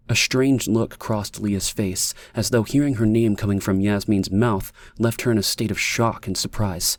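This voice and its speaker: A man reading an audiobook in a measured, even manner, as the narrator. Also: lowish voice. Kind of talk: scripted narration.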